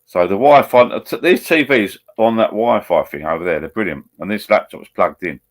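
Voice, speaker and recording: A man's voice: on the low side, normal speed. A man with an Essex accent hosting a live stream from home, chatting in a rambling, blokey way. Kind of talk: casual banter over a video call. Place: at home beside a laptop.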